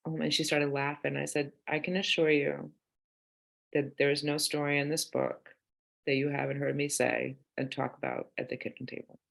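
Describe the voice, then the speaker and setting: Speaking at normal speed in a low, gravelly, level voice, a woman in her forties joins a relaxed podcast conversation as a guest author. She tells frank stories about her family, performing the dialogue she quotes.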